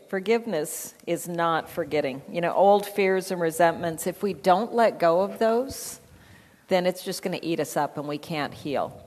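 A woman's voice: lowish voice, a little mellow, big-room sound. A woman in her fifties leading a recovery workshop, speaking plainly and reflectively with light humor. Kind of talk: workshop talk.

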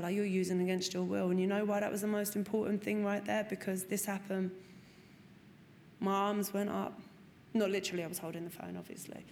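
A woman's voice: mid-range voice, darkish tone. A woman, telling her recovery story frankly and expressively, swearing and acting out what people said. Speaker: speaker sharing a recovery story. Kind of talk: personal testimony talk. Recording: long hall reverb, faint room noise.

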